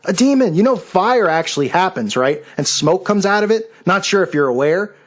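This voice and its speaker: A man's voice: high voice, lively intonation, moderate pace. Combative, sarcastic man ranting on camera. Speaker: video channel host. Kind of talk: angry rant video.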